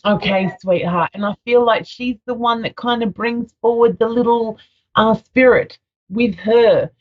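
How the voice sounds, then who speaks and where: A woman's voice: a little high, a little slow, muffled recording. A woman psychic medium giving a live radio reading in a soothing, affectionate way, often calling the caller sweetheart.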